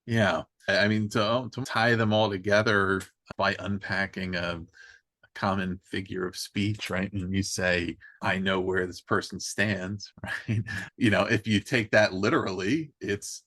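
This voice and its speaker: A man's voice: fairly low pitch, fairly even intonation, measured pace, fairly bright tone, no echo. A man hosting a podcast, thinking aloud and building on his guest's points in a conversational way. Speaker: podcast host.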